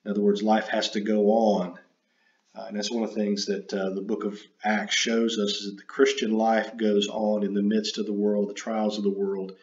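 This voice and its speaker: A man giving an unscripted lecture, halting and full of fillers and self-corrections. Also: fairly low pitch, little pitch movement. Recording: dull roomy recording.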